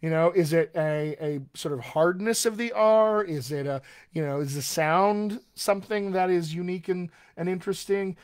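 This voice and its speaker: A man's voice: sits high, moderate pace, clean tone. An American man working as a dialect coach, answering viewer questions in a live online session and demonstrating sounds as he explains. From United States.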